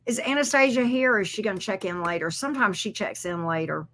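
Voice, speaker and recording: A woman's voice: medium pitch, animated, quick pace, a bit bright, slight background noise. A woman, chatting casually while she gives tarot readings on a livestream, loose and joking. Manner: chatty and loose, laughs and swears, talks to chat and her pets.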